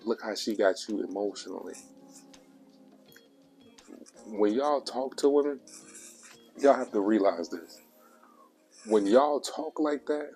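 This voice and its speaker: Gravelly, low-voiced man preaching advice. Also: darkish tone. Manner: preachy and repetitive, coarse language. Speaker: relationship advice vlogger. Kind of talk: casual advice monologue.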